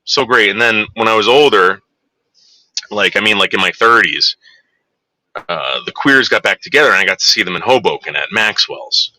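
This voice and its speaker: A man's voice: on the low side, normal speed, pushed and bright, no room sound, rough recording. A man in his forties telling a crude, rambling anecdote, full of fillers and digressions. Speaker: storyteller.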